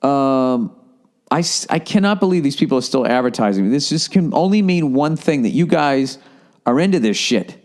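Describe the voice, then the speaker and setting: Boston guy in his forties, podcast host telling swear-heavy stories, mid pitch. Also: lively intonation, moderate pace. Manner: profane, storytelling, swings from low mumbling to loud. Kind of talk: casual rambling monologue.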